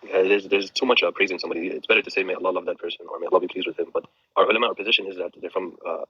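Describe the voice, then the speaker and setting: A man's voice: sits low, steady tone, very fast, breathy edge, no echo, muffled recording. A man in a casual religious discussion, explaining earnestly at length with many restarts. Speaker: discussion participant.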